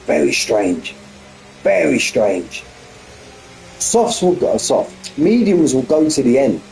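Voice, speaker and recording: A man's voice: medium pitch, wildly swooping pitch, takes it slowly, gravelly, a little mellow, slight background noise, poor audio. A man commentating a sim race on a live stream, bantering with viewers and often repeating himself.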